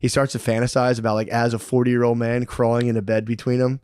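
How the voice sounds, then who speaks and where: A man co-hosting a podcast, retelling a book in a rambling, animated way, full of "dude" and "like". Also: medium pitch, quick pace, clean tone, no room sound, studio quality. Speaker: podcast co-host. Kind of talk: casual chat, retelling a book.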